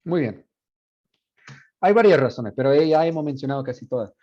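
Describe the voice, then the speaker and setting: A male Spanish professor giving an animated university lecture, repeating example words aloud to demonstrate. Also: on the high side, quick pace. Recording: dull lo-fi classroom recording.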